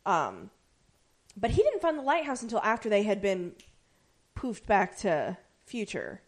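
A woman's voice: mid-range voice, unhurried. A woman co-hosting a casual chat, animatedly retelling a TV episode. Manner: animated retelling with playful quoted voices. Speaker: podcast co-host.

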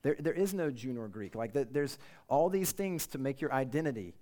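A man's voice: mid-range voice, lively intonation, fairly quick, warm tone. A male pastor delivers a casual, conversational sermon to a room of students. He is earnest but informal, and he pokes fun at himself as he goes. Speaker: campus pastor.

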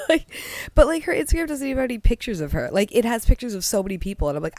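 Young woman, casual storytelling, giggly, lively swooping voice, has a cold, dry close sound. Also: mid-range voice, fast talker, no echo. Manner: giggly, laughs constantly mid-sentence, lots of likes.

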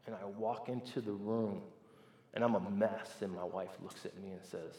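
Male pastor telling a story in a sermon, animated with many restarts, in a roomy, echoing space. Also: on the low side, normal speed. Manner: animated, stammering restarts, swings between loud and hushed.

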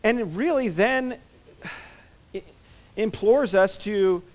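A man's voice: sits high, drawn-out words. A man preaching in a conversational sermon style, reading scripture and teaching with many fillers and restarts.

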